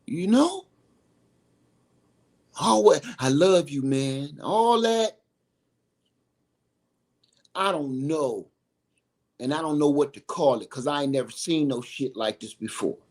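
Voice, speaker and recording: A man's voice: on the high side, lively intonation, slow, pauses often, a little mellow. A middle-aged man talking straight to camera from home in a rambling, emphatic way, repeating his points. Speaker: video host. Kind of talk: casual opinion monologue.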